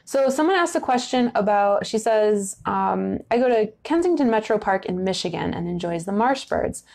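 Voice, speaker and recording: Gravelly-voiced woman teaching about birds. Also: mid-range voice, lively intonation, moderate pace, darkish tone. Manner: casual, many "um" fillers, answers viewer questions. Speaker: education director. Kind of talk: online bird education talk.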